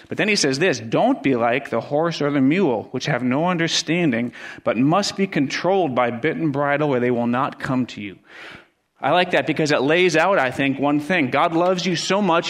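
A middle-aged man gives a sermon as a pastor. He preaches earnestly, swinging from loud, high emphasis down to soft, low asides. His voice sits at an ordinary male pitch.

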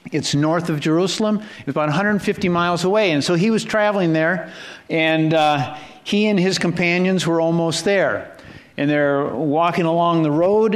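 A middle-aged man retells a scripture story as a sermon in a relaxed, talky way. He stumbles, restarts and wanders into asides. His voice sits a little higher than most men's. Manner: conversational, with frequent restarts and asides. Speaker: preacher.

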